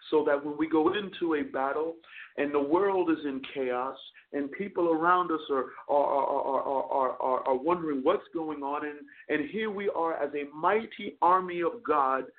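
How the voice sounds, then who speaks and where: A male chaplain hosting a call-in radio show, preaching earnestly and often stammering over repeated words. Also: on the high side. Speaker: chaplain and talk radio host. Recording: narrow phone-line broadcast sound.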